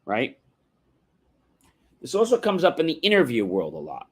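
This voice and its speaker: This is a man speaking at an ordinary mid-range pitch, delivering a motivational talk on a livestream. His manner is instructive, built on contrasts and examples. He checks in with the audience through rhetorical questions. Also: wildly swooping pitch, moderate pace, breathy edge. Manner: instructive, contrasts yes-no questions with open ones; rhetorical, often adds "right?". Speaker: livestream host. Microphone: livestream microphone.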